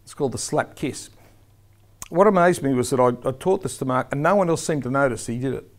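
In a medium-pitched voice that runs a little fast, this man teaches referees with emphasis, showing them the firm and soft tones to use on the job.

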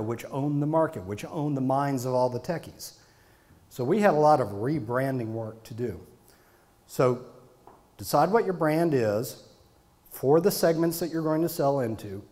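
A man's voice: on the high side, lively intonation, normal speed, darkish tone. A middle-aged man, a marketing consultant, lecturing a live audience in an emphatic way and stacking repeated phrases for stress.

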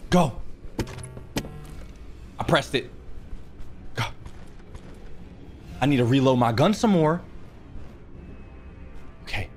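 A man's voice: medium pitch, lively intonation, takes it slowly, long pauses, soft background music. A man giving panicky, swearing commentary to himself while playing a horror game. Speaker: gaming YouTuber.

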